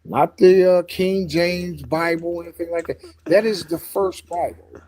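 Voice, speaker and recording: A man's voice: fairly high pitch, fairly even intonation, measured pace, darkish tone. A man with a Chicago accent, a guest on a live stream, talking in a preachy way and repeating himself. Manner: preachy, repeats himself, says okay a lot. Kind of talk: casual live stream chat.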